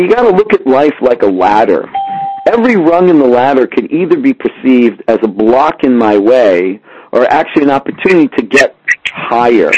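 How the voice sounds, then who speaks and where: A man teaching a religious class, answering a listener's question and bringing his points to life with little acted-out stories. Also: medium pitch. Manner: animated storyteller who acts out little scenes. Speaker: Torah teacher. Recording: dull lo-fi dry sound.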